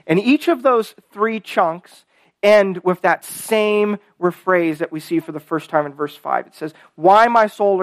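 A man's voice: high-pitched, dry recording. A man preaching a sermon in a casual, conversational way, full of "kind of" and "right?", who reads scripture aloud with rising emphasis.

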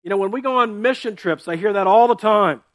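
A man's voice: high-pitched, fairly quick, a bit bright, no room sound. A man pastor giving a sermon in a conversational way, often checking in with "right?" and "okay?" and repeating words as he explains.

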